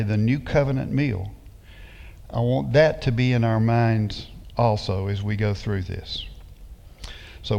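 A man preaching a sermon as pastor, reading scripture slowly and emphatically and putting rhetorical questions to his congregation. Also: mid-range voice, creaky, darkish tone, in a large hall, muffled recording.

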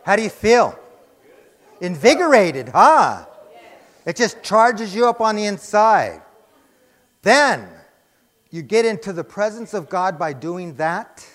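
A high-voiced male preacher delivers an emphatic sermon, firing off rhetorical questions and answering them himself. His voice rings out with a long reverb tail through the church sanctuary. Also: big pitch swings, slow pace, long pauses, a bit bright.

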